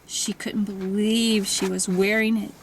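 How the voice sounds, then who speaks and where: Woman narrating a novel calmly. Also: mid-range voice, measured pace, a little hiss or hum, poor audio. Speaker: audiobook narrator.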